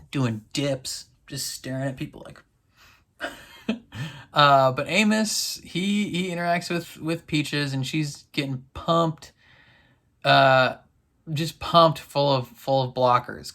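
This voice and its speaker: A man's voice: medium pitch, a bit bright. Rambling young man recapping a show. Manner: rambling, full of fillers, laughs often. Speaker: TV reaction vlogger. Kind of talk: casual recap chat.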